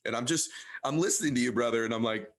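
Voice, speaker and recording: A middle-aged man hosting an interview, talking with enthusiasm and breaking into excited fast bursts. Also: mid-range voice. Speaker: podcast host. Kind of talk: conversational interview.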